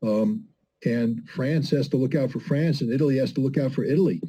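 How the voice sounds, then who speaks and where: Brief: male commentator, very dark tone, husky edge, emphatic and scornful. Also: mid-range voice, brisk, low-quality recording. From United States. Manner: emphatic, scornful, fires rhetorical questions. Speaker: guest commentator. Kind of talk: political commentary in a conversation.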